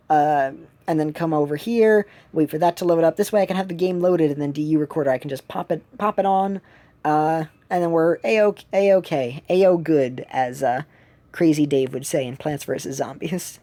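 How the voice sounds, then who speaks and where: Woman streamer, low and mellow, loose rambling play-along chat from home. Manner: rambling, many fillers and restarts. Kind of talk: casual gameplay commentary.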